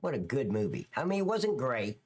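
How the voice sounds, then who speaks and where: A man's voice: mid-range voice, sing-song, brisk. A man hosting a live stream, chatting loosely and crudely, answering viewers' comments as he goes. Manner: rambling, crude, reads and answers chat. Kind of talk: casual live-stream chat.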